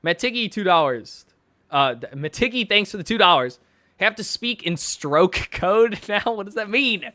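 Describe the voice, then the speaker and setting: A man's voice: high voice, animated, normal speed, sharp tone, no room sound. A young man casually chatting on a stream and reading donations, rambling and swearing with frequent laughs and fillers. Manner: rambling, profane, laughs often, many fillers.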